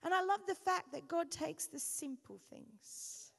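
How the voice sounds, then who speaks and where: Woman pastor, high voice, animated sermon storytelling, joking at herself, long reverb in a church hall. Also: measured pace, vocal fry. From Australia. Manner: animated storytelling, self-mocking humor.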